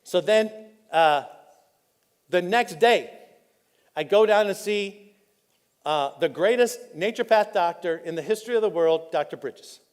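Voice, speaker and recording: A man pastor, preaching a candid, personal sermon that drops soft and choked up when he is moved. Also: fairly high pitch. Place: church auditorium. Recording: live in a reverberant church hall.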